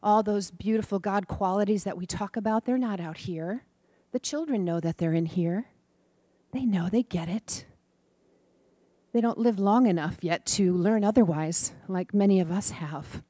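Woman preacher, warm storytelling sermon, affectionate, dry close sound. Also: mid-range voice, moderate pace, no echo. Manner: gentle, affectionate, lively when quoting children. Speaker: speaker in a preaching class. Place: church or center hall.

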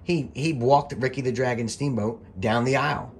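A man's voice: medium pitch, a little hiss or hum. A middle-aged man, a former wrestling referee, giving casual, rambling commentary over old match footage and swearing freely as he gets worked up. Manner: rambling, chatty, profane, quick to get worked up.

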